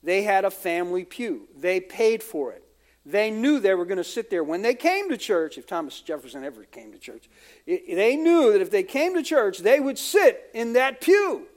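Man, American, pastor, very high voice, chatty sermon with quoted asides. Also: sing-song, normal speed. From United States.

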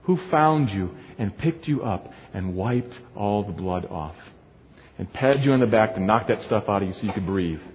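A man's voice: fairly low pitch, lively intonation, moderate pace, slight background noise, voice pushed down, close to an everyday voice. A man voicing God as a loving father who asks rhetorical questions, in a long echoing hall. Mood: tender. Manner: rhetorical questions, pleading and insistent.

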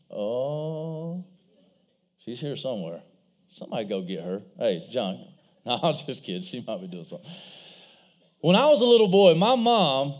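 A middle-aged man preaching a sermon in a church, telling stories with animated voices. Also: high-pitched. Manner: animated storytelling, acts out voices. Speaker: pastor.

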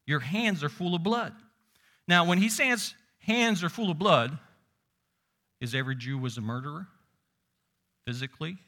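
A man preaching a sermon, moving between loud emphasis and hushed low asides, quoting scripture. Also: lively intonation, moderate pace, pauses often. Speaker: pastor.

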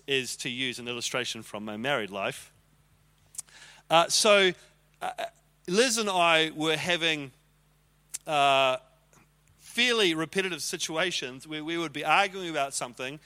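A man's voice: fairly high pitch, pushed and bright. A man teaching on leadership in a conversational sermon style, acting out arguments with quoted voices.

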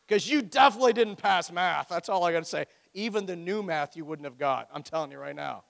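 A man preaching a sermon, retelling a story with animated storytelling and acted-out quotes. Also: sits high, fairly quick, gravelly, hardly any pauses, big-room sound.

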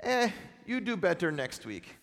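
A man's voice: high-pitched, big pitch swings, measured pace, a bit bright, full character voice. A man putting on a mock German accent to voice a blunt German immigrant shopkeeper, clipped and to the point. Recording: long reverb of a large hall.

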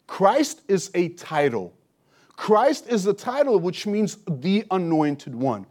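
A man's voice: sits high, sing-song, slow, darkish tone. A man preaching an expository sermon, teaching with emphasis and rhetorical questions. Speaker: pastor.

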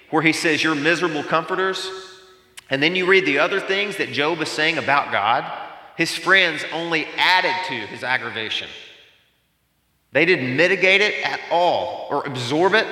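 Animated male preacher in an echoey hall. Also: fairly high pitch. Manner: animated preaching with rhetorical questions. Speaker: pastor. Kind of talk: sermon.

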